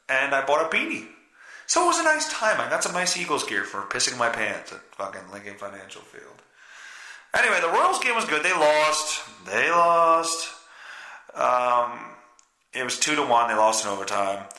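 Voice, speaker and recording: A man's voice: medium pitch, huge pitch swings, moderate pace, sharp tone, reverberant, rough recording. A man with a stuffy nose hosting a solo podcast, rambling, swearing and mocking himself. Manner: rambling, profane, self-mocking. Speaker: podcast host.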